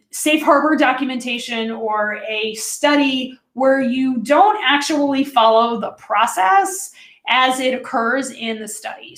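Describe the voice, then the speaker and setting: A woman's voice: fairly high pitch, fairly bright tone, echoey room. A woman, a food safety consultant, giving a conversational training webinar and speaking directly to her listeners. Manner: chatty and direct, talks to listeners as friends.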